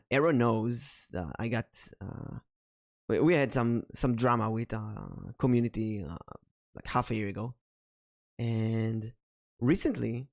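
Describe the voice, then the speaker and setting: A man from Israel with an Israeli accent, hosting a casual podcast chat in a thoughtful, hesitant way with many pauses. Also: mid-range voice, darkish tone. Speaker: vtuber podcast host.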